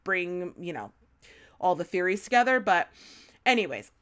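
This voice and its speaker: A young woman, chatting loosely as a podcast co-host. She rambles, piles up fillers, and swears freely, then breaks into high, shrieking laughter. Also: big pitch swings, moderate pace, a bit bright, smooth. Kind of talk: casual fan podcast chat.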